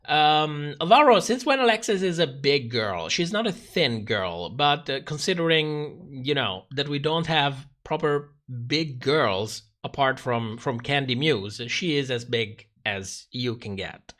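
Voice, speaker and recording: A man's voice: mid-range voice, lively intonation, unhurried, few pauses, fairly bright tone. A man hosting a livestream, chatting casually and animatedly, laughing often and going off on asides. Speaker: host of a drag show review livestream.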